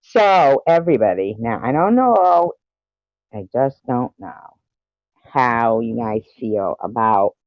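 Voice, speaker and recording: A livestream host talks with live viewers in an animated, mid-range voice at a slow pace, playfully greeting each one individually. His phone mic gives dull, lo-fi audio without echo.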